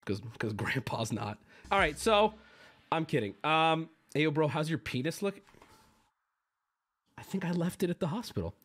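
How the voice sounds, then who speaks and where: Lively man telling a story to chat. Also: a little high, normal speed, long pauses. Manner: animated, profane, self-interrupting. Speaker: streamer.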